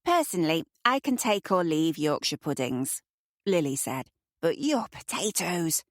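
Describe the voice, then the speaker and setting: A woman voicing a wry, playful young woman who delivers quick quips. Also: deep voice, sing-song, no echo, clean studio sound.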